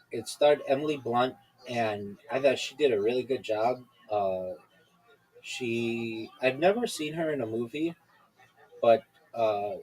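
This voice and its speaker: A man's voice: medium pitch, a little mellow, low-quality recording. A man hosting a podcast over a video call, chatting casually and rambling with many fillers and restarts. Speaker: podcast host. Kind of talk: casual chat.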